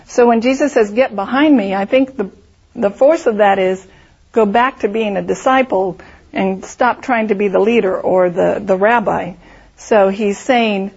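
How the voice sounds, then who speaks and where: Husky woman teaching scripture. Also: mid-range voice, moderate pace, darkish tone, muffled recording. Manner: explanatory, vivid storytelling with hypothetical scenarios. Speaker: Bible teacher. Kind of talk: Bible study teaching.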